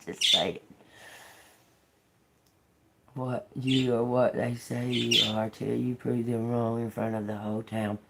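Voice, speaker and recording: A woman's voice: extremely low pitch, slow pace, creaky. A woman tarot reader talking in a casual, rambling monologue, blunt, sarcastic and full of swearing, laughing between remarks. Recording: noisy home recording.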